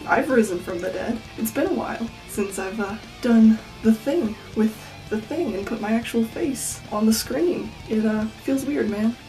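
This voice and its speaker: An eighteen-year-old woman talks through a casual home vlog at night, deadpan and self-mocking, sometimes sinking to a whisper. Her voice sits a bit high and mellow. She sounds a little far from the microphone, with faint music playing underneath. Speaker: vlogger.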